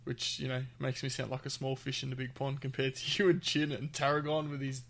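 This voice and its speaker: Gravelly-voiced man co-hosting a podcast. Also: medium pitch, little pitch movement, fairly quick, fairly bright tone. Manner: easygoing, chuckles often, trails off mid-thought. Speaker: podcast co-host. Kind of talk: casual chat.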